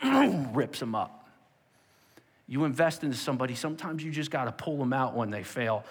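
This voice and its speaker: Preaching man in an echoing hall. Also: medium pitch. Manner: emphatic preaching, swings from loud exhortation to hushed prayer. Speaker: pastor. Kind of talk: sermon. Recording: long hall reverb.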